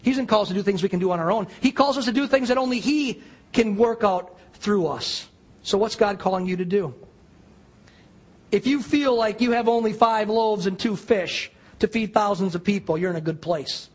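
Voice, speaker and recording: Husky high-voiced pastor telling a story. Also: male voice, moderate pace. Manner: storytelling, conversational and earnest. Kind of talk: sermon.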